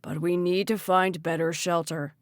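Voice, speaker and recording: A woman's voice: fairly low pitch, level tone, normal speed, no echo, studio quality, close to an everyday voice. A woman doing a firm middle-aged father. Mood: firm, urgent. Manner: firm, commanding.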